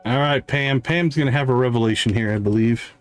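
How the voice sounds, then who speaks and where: A man hosting a livestream, chatting casually with fillers and quick asides as he plays. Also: mid-range voice, clear, resonant tone. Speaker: livestream host. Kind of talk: casual game commentary. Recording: faint game music behind.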